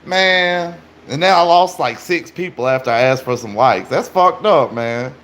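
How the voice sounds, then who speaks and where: A man's voice: a little high, animated, a little slow, fairly bright tone. A man livestreaming, chatting casually and joking profanely with his viewers.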